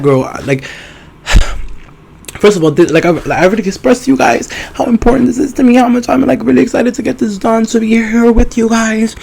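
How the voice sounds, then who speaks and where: Loud, campy podcast host man. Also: sits high, fairly even intonation, normal speed, vocal fry, a little hiss or hum. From New York. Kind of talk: casual chat.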